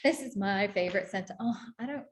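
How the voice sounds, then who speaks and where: A woman guides a spiritual workshop in a soft, affirming manner, sprinkling her talk with casual fillers. Her pitch sits in an ordinary middle range. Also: quick pace. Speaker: workshop facilitator.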